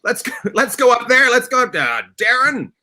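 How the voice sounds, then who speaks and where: A man's voice: very high-pitched, sing-song, fairly quick, pushed and bright. A male host teasing his guests and swearing freely in a casual comedic chat over a video call.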